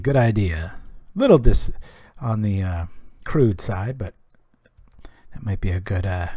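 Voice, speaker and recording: A man casually commenting on his own card game as he plays, chatty and joking, thinking out loud. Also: medium pitch, no room sound, studio quality. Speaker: streamer playing a card game.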